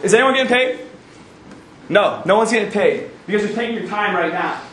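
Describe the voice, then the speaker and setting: A young man giving an energetic, emphatic motivational talk as a guest speaker at a university event, often repeating phrases for effect. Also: high-pitched, brisk, a little hiss or hum. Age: young adult. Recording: echoey room, recorded from far off.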